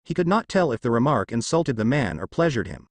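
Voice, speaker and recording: A man narrates a fan-fiction story aloud in a steady storytelling manner, a little fast. His pitch sits in the middle but moves up and down lively, and the recording is dry, with no room sound.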